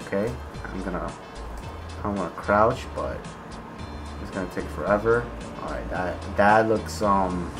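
A man's voice: low-pitched, a little slow, long pauses, music in the background. Foul-mouthed young man raging at a game. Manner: swearing, swinging between mutters and raging shouts. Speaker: gaming video creator. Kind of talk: gameplay commentary.

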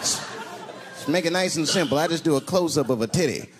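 A brash male stand-up comedian with a high, lively voice that swings all over. He tells stories fast and profanely, and loud crowd laughter runs under the live recording. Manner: brash, profane, animated storytelling. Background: loud crowd laughter and noise.

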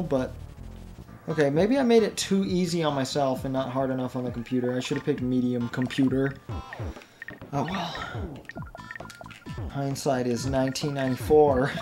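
A man's voice: mid-range voice, darkish tone. A young man rambling through casual, self-deprecating commentary while playing a video game, often laughing at his own jokes. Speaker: let's play gamer. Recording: game music playing underneath.

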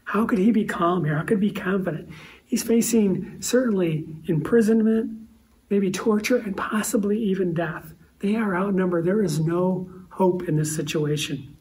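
A man preaches to his congregation in a church sanctuary, keeping the sermon conversational and story-driven while posing rhetorical questions. His pitch is high, his speed normal, his tone darkish, and the mic catches him from far away.

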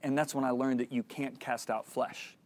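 A man's voice: mid-range voice, little pitch movement, moderate pace. A middle-aged man teaching a Christian lesson, telling a personal story in an earnest way and acting out the lines of the people in it. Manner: earnest storytelling, acts out dialogue.

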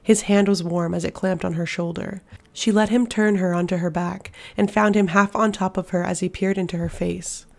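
A woman narrating a fantasy audiobook in a hushed, steady storytelling manner. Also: fairly low pitch, normal speed, gravelly. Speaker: audiobook reader.

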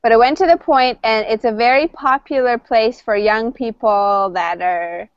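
A woman's voice: fairly high pitch, moderate pace, clean tone, no room sound. Canadian woman, conversation teacher, casual and filler-heavy, dull lo-fi call sound. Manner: chatty, with frequent fillers and restarts. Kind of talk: casual storytelling to a class.

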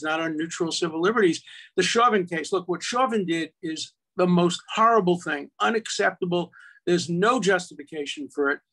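A man's voice: fairly high pitch, pushed and bright. An older man, an attorney and law professor, arguing emphatically in casual conversation with frequent restarts.

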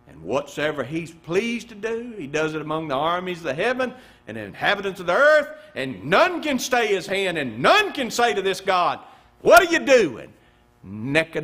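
A man preaching a sermon in a high, bright voice. His pitch swings widely as he fires off rhetorical questions and then sinks into hushed, weighty phrases. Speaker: pastor.

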